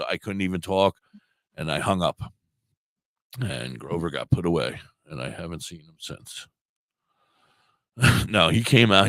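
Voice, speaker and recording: A man's voice: deep voice, fairly bright tone, smooth, no echo. A middle-aged man with a sore throat, co-hosting a podcast and telling a long, rambling story with plenty of swearing and self-deprecation. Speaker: podcast co-host. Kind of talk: casual storytelling chat.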